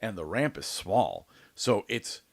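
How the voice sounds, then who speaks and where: A man's voice: fairly low pitch, very animated, slow pace, creaky, dry recording. A young man telling a long, rambling story in casual podcast chat, swearing freely and filling gaps with "like" and "dude". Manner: rambling, profane storytelling with loose fillers. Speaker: podcast co-host.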